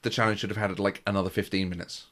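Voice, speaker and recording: A man's voice: sits low, level tone, rapid-fire, a bit bright. A man co-hosting a podcast, chatting casually in a rambling way with frequent restarts. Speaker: podcast co-host. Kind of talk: casual chat recapping a baking show.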